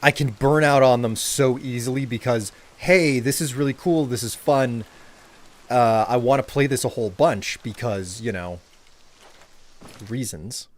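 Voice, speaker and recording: A man's voice: mid-range voice, unhurried. Man musing while streaming a game. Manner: rambling, reflective chat. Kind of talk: casual gameplay commentary.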